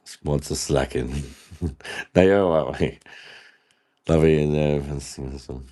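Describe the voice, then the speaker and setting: A man's voice: rumbling low, unhurried, mellow. A man hosting a casual live stream, laughing often and bantering with viewers in the chat while he drinks.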